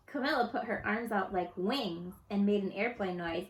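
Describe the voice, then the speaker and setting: A woman's voice: mid-range voice, normal speed, hardly any pauses. A woman expressively reading a children's picture book aloud, recorded in an echoey room. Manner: expressive, lively storybook reading. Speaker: storyteller.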